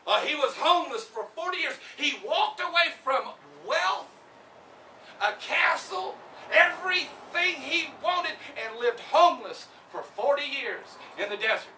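A man preaching a sermon, animated and often shouting, acting out the people he talks about. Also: very high voice, a little slow, slight background noise. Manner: animated, shouting, acts out voices. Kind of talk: street sermon. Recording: echoey, distant.

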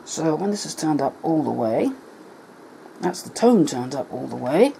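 A man's voice: a little high, sing-song, moderate pace, creaky, warm tone, a little hiss or hum, poor audio. A man explaining an electronics repair at his workbench in a casual tutorial, thinking aloud and correcting himself as he goes. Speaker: electronics hobbyist.

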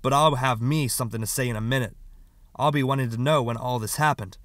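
A man's voice: mid-range voice, fast, a bit bright, no echo, natural voice. A man voicing an angry, stern father, questioning harshly and scolding. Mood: accusing.

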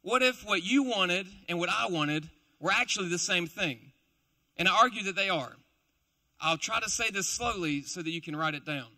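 Bright, high-voiced, joking young preacher. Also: male voice, lively intonation, moderate pace. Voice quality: chatty, playful, self-deprecating asides. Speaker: preacher, also a school teacher. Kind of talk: casual, joking sermon to a live congregation.

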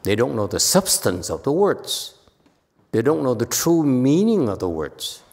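Speaking at a measured pace, a monk lectures informally on a sutra, bringing his stories to life by voicing the characters. The medium-pitched voice carries a big-room sound from the temple hall.

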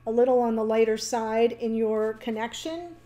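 A woman giving a casual, chatty tarot reading, talking warmly to the viewer with fillers and small laughs. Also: a little high, moderate pace, slight background noise. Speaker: tarot reader.

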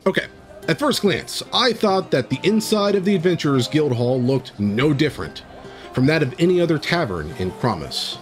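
A man with a voice on the high side streams while game-mastering, reading an AI-written tabletop story live and breaking off to react to it.

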